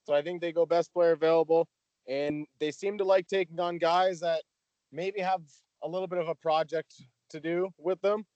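A man giving his draft pick as a podcast guest, steady and explanatory. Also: on the high side, moderate pace, no room sound, highs cut off. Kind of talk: casual podcast chat.

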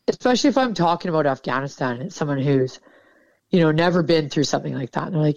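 A woman's voice: deep voice, expressive, quick pace, a little mellow, no echo. A woman military veteran talking candidly in an interview, casual and frank, swearing freely. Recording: dull, dry sound.

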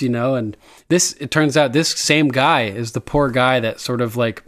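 A man's voice: medium pitch, steady tone, moderate pace, a bit bright. A man co-hosting a podcast, chatting enthusiastically about a TV episode, laughing often and acting out the lines he quotes. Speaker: podcast co-host. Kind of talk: casual chat recapping a TV episode.

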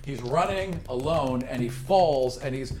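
A man narrating as game master of a tabletop role-playing game, describing scenes in a lively, vivid way. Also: medium pitch, unhurried.

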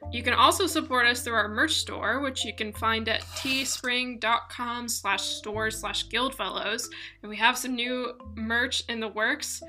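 A woman's voice: on the high side, measured pace, sharp tone, faint music behind. A woman game master and podcast host, talking chattily with many fillers. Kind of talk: casual chat and read announcements.

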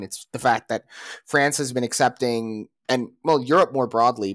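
A man chatting on a podcast in a middle-pitched voice, working through his opinions with many restarts and fillers. The sound is close and dry with no room around it. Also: no room sound. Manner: rambling, restarts and hesitant fillers. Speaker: podcast co-host. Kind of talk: casual opinionated chat.

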